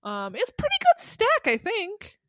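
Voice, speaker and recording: A woman's voice: extremely high pitch, wildly swooping pitch, a little slow, pushed and bright, no room sound, clean studio sound. A woman co-hosting a podcast, chatting casually and giving wry, short reactions with frequent laughs. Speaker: podcast co-host.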